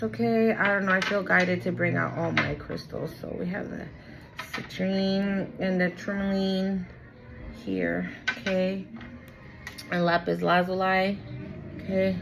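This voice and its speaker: A woman's voice: mid-range voice, fairly even intonation, measured pace, vocal fry, noisy background. A young woman giving a casual tarot reading, talking candidly, swearing freely and often repeating herself for emphasis. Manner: candid, chatty, swears freely, keeps checking in with "okay?". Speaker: tarot reader.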